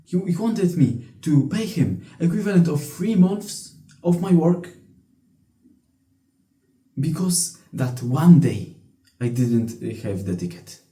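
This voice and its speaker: Young man, blunt profane rant, very dark voice, echoey room. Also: a little high, lively intonation, slow pace. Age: young adult. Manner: blunt, profane, frequent restarts. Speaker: vlogger. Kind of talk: casual storytelling rant.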